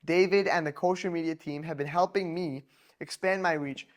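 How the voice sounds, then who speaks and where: A man hosting a podcast who gives short encouraging reactions and reads an ad quickly. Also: a little high, fairly even intonation. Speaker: podcast host. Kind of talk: casual interview and ad read.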